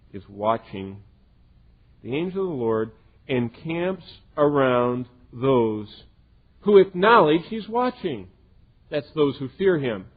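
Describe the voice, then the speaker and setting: Husky-voiced man preaching on a tinny recording. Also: mid-range voice. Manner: earnest, swinging between loud emphasis and hushed quiet. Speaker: pastor. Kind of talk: sermon.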